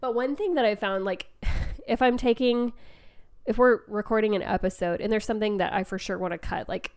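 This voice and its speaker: A woman co-host chats casually into a stand microphone at a small indoor table. Her voice is smooth and resonant under a slight congestion, at a middle pitch. She rambles easily, with lots of "like" and "um" and frequent laughs. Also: fairly quick. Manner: chatty, full of "like" and "um" fillers, laughs often. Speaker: podcast co-host. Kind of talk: casual podcast chat.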